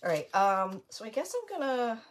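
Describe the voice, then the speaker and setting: A woman's voice: fairly high pitch, sing-song, normal speed. A woman hosting a casual crafting livestream, rambling and greeting viewers by name.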